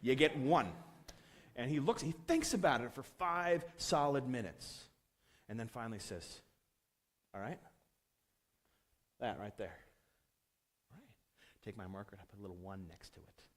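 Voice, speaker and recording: Animated storytelling male conference speaker. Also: mid-range voice, brisk. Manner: animated, acts out quotes with a swinging voice.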